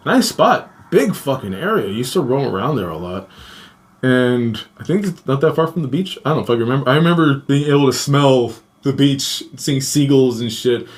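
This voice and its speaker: Speaking in a mid-range voice, a young adult podcast host recounts something that happened to him, casual and profane throughout. He laughs often and acts out quoted lines loudly.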